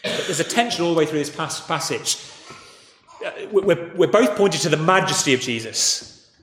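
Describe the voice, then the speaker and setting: A man with a voice a little higher than usual delivers a relaxed, storytelling sermon and turns to speak to the children. His voice fills a roomy church with a long reverb tail. A faint hiss sits underneath. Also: moderate pace. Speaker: preacher. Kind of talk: conversational sermon.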